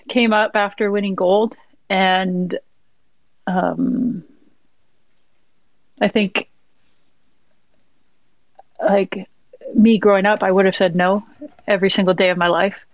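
A woman's voice: medium pitch, fairly even intonation, slow pace, pauses often, no room sound. A woman from the West Coast of Canada, a guest in casual chat, modest and laid back, with many fillers. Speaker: guest, soccer player. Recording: dull dry sound.

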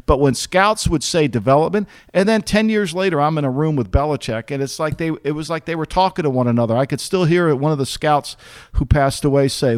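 A blunt, middle-aged man argues his points hard on a sports podcast, swearing as he goes. His voice sits a little high for a man, and the sound is very dry, close to the mic with no room echo. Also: fairly quick. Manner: blunt, emphatic, argumentative, curses freely. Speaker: podcast host, former football executive. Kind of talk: casual sports podcast chat.

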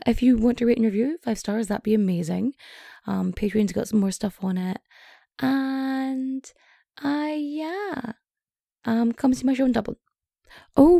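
A woman hosting a comedic podcast, chatting in rambling asides with lots of fillers, her voice getting hoarse. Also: on the high side, dark tone, no echo, studio quality. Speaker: podcast host. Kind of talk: casual comedic storytelling.

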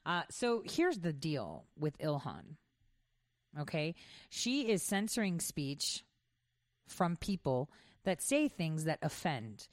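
A woman's voice: deep voice, big pitch swings, takes it slowly, no echo, studio quality. A middle-aged woman from New York hosting an opinionated commentary monologue, conversational and pointed with frequent asides. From New York, United States. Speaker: commentary host.

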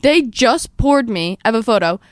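A woman in her twenties hosting a podcast, telling a story in a fast, animated way and acting out the quotes. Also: on the high side, dry recording, studio quality. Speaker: podcast host. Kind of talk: casual storytelling chat.

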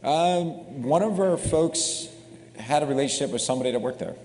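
A man's voice: fairly high pitch, moderate pace, slight background noise. Middle-aged man, security founder, easy explanatory delivery, wry humor, recorded in a reverberant space. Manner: relaxed, explanatory, self-deprecating humor. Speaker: cybersecurity company founder. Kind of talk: interview answers.

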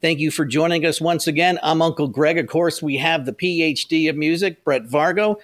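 Podcast host guy, bit higher voice, laid-back storytelling about old shows. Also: moderate pace. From Phoenix area, United States. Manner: relaxed storytelling, reminiscing. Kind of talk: casual podcast chat.

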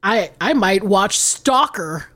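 A woman co-hosting a podcast, chatting casually and reading a listener's email aloud with animated, drawn-out emphasis. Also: medium pitch. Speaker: podcast co-host.

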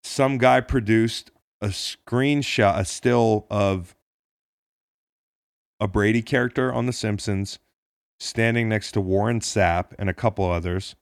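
A man's voice: lowish voice, measured pace, no room sound, clean studio sound. A man co-hosting a casual sports podcast, talking in a jokey, profane, rambling way with lots of restarts. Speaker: podcast co-host.

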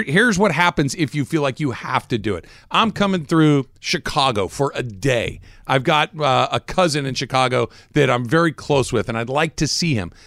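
A man's voice: fairly high pitch, gravelly, a bit bright, no room sound, studio quality. A man co-hosting a podcast, rambling through stories in a casual, self-deprecating way. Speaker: podcast co-host. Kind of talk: casual chat.

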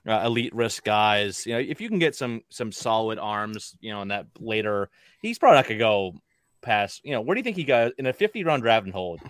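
Talking fast in a low, sing-song voice, this podcast co-host chats casually and rambles with lots of fillers and restarts. The studio-quality recording has no room sound.

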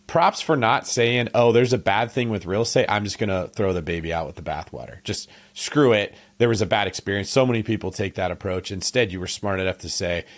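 A man's voice: lowish voice, brisk, few pauses. A man hosting a casual interview, enthusiastic and praising his guest. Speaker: podcast host.

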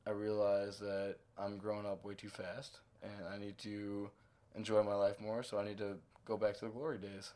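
A man's voice: on the low side, monotone, normal speed, background noise. A young man in casual conversation, telling stories in a laid-back, bragging way. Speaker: guest.

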